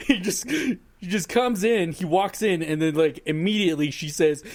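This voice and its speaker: A man's voice: sits high, measured pace. A man hosting a casual podcast, telling a rambling party story and laughing through it. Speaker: podcast host.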